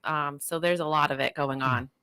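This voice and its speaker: Woman, talk show guest, bright tone, earnest, lots of um, dry close sound. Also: deep voice, steady tone, normal speed, clear, resonant tone, dry recording. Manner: frequent "um", earnest. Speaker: guest from local prevention group. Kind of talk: casual interview talk.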